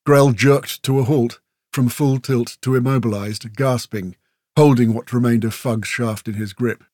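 An audiobook narrator with a mid-range voice reads a fantasy story from a script, a little slowly, with steady, vivid emphasis. The recording is dry and clean, with studio sound.

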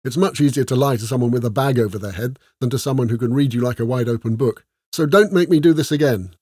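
A man's voice: fast talker, darkish tone, breathy edge, no room sound, clean studio sound, lightly acted. A man reading a story aloud, putting on the voice of an exasperated, short-tempered young noblewoman who scolds emphatically. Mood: irritated. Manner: scolding, emphatic and raised in pitch.

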